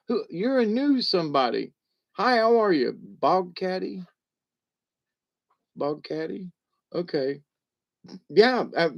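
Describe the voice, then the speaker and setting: Slow, amused man in his seventies. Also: high voice, vocal fry, muffled recording. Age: 70s. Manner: amused, chuckles often, rambling with restarts. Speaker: livestream host reading chat. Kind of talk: casual rambling livestream chat.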